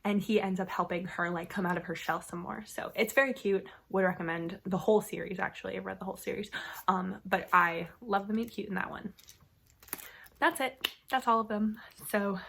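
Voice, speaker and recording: A woman's voice: medium pitch, steady tone, a little fast, creaky, fairly bright tone, breathy edge. A woman talking casually to camera as a book vlogger, full of fillers like "like" and "um", swearing now and then. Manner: chatty, filler-heavy with frequent "like" and "um". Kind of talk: casual book recommendation vlog.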